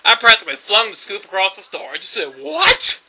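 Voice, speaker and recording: A man's voice: sits high, fast talker, very noisy. A man, telling rambling stories in a casual vlog monologue, full of fillers and laughs. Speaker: YouTube vlogger.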